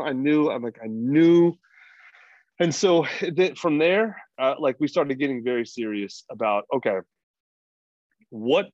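A middle-aged American man speaks bluntly and profanely as a podcast guest in freewheeling casual conversation, rambling through his points and restarting often. His voice is medium-pitched, and the recording sounds dry, dull, and lo-fi.

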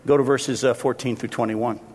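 A man preaching a sermon as pastor, animated and acting out the voices he quotes. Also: medium pitch, brisk, husky. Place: church sanctuary. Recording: long reverb of a church hall.

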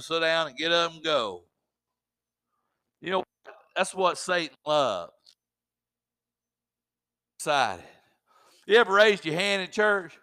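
A man's voice: on the high side, bright, forceful tone. A man preaching a sermon in a fervent, exhorting way with folksy asides.

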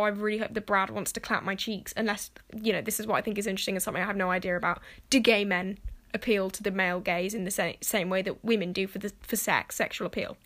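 A young woman, talking casually to camera and filling her speech with "like," cursing freely. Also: mid-range voice. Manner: chatty, swears freely, fills speech with "like".

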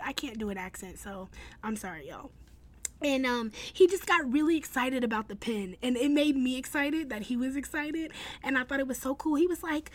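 A young woman blogger talks to her viewers in a loose, chatty way. She is upbeat, often restarts her sentences and leans on fillers. Her voice sits fairly high. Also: lively intonation, moderate pace. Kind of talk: casual storytelling vlog.

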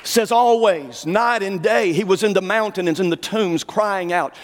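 A male preacher delivering a fervent sermon, dropping to low asides and rising to shouted declarations. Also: normal speed, long reverb tail, a faint crowd, a little hiss or hum.

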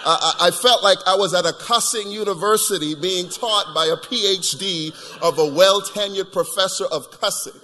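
Male preacher, bright tone, animated storytelling with stammered restarts, long reverb of a big hall. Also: high-pitched, normal speed, hardly any pauses. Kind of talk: sermon with personal stories.

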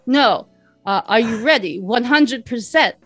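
A cheerful, coaxing table tennis buddy barks short commands with a bit of lift in his pitch, as a woman in her forties quotes him. He is bossy but good-natured. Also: lively intonation, measured pace, a bit bright, breathy edge, no echo, faint music behind, exaggerated voice. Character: upbeat adult male table tennis buddy.

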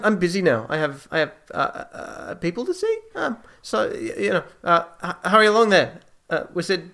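A man's voice: high voice, fairly bright tone, pitched above the performer's own voice, heavily acted. A man voicing a nervous young male lord in a tabletop game, who stammers and sputters as he insists he is not scared. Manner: stammering, flustered.

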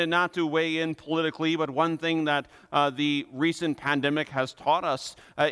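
A pastor preaching a sermon to his congregation, earnest and emphatic, slowing down and repeating phrases for stress. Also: a little high, a bit bright, clear, resonant tone. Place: church.

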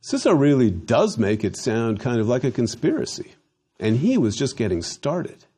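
A man teaching a Latin lesson, slowly drilling phrases for students to repeat, with dry humor. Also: slightly rough. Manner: dry humor, slow emphatic drills with lively pitch. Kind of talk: recorded language lesson.

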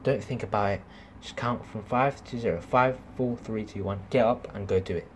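A man's voice: on the low side, normal speed. A young man in his late teens hosting a solo motivational podcast from home at night, talking in an earnest, rambling and encouraging way. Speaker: podcast host. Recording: steady background noise.

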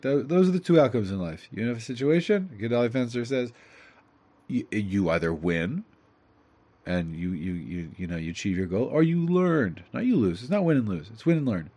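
A man with a mid-range voice teaches a lesson at a moderate pace, animated and chatty. He reads a story aloud, translates it, and breaks off into asides.

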